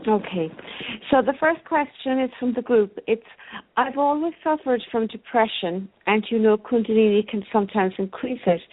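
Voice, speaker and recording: A woman with an accent, a co-host who reads listener questions aloud on a broadcast in a steady voice. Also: a little high. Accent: non-native English. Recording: tinny phone line.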